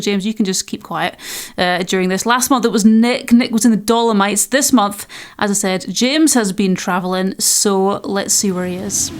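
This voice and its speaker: A woman hosting a photography podcast. She teases her co-hosts and briskly moves the show along. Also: mid-range voice. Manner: brisk, teasing, steers the show. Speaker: podcast host. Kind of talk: casual podcast chat and sponsor read.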